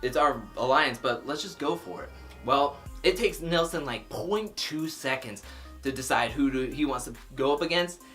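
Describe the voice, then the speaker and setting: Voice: medium pitch, moderate pace, fairly bright tone, soft background music. A vlogger giving a casual, opinionated recap of a reality show episode, talking freely with lots of "like" fillers.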